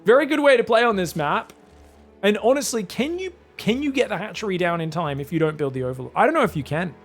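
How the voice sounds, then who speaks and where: An Australian man provides solo esports commentary in a gravelly, somewhat high voice. He talks in a loose, thinking-aloud way and gets audibly excited at key moments. Soft music plays faintly underneath. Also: fast talker. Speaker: esports caster.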